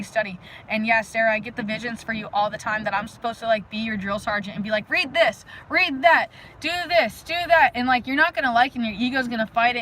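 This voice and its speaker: Energetic rambling woman livestreaming outdoors. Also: on the high side, slight background noise, poor audio. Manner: energetic, rambling, loud outbursts; frequent "like" fillers. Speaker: livestream host. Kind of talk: casual live-stream chat with viewers. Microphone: phone live stream.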